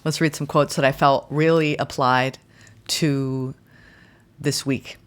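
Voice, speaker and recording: A woman giving a guided tarot and astrology reading in a gentle, soothing way, speaking in slow, deliberate phrases. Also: very deep voice, steady tone, smooth. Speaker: tarot reader.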